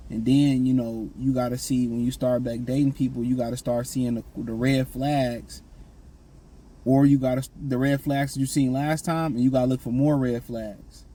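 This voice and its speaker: A man's voice: mid-range voice, mellow, breathy edge, low-quality recording. Blunt man giving casual advice. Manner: blunt, repetitive, slangy. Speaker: vlogger giving dating advice. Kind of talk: casual monologue.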